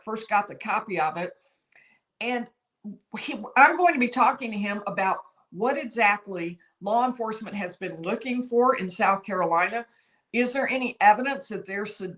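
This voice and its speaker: A woman hosting a legal commentary livestream, talking in a measured, explanatory way, her voice a little worn as she is losing it. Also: mid-range voice, a bit bright, low-quality recording. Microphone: streaming setup.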